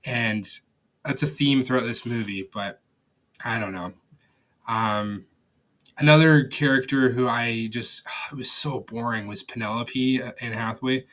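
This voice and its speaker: A man's voice: mid-range voice, unhurried, a bit bright. A young man giving a casual, rambling film review, blunt and profane, with lots of fillers and restarts. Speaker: movie reviewer.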